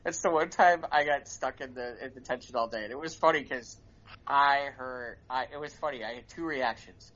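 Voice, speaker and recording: A man's voice: mid-range voice, normal speed, fairly bright tone. A man co-hosting a podcast, telling a story in a casual chat with stammering restarts and repeated phrases for comic effect. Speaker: podcast co-host. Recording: dull lo-fi podcast recording.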